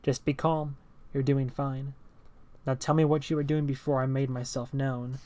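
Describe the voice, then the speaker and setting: A man doing a hushed, robotic stranger. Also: mid-range voice, lightly acted. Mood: calm. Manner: speaks robotically, flat, measured, hushed. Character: thin eerie male stranger, calm, stilted.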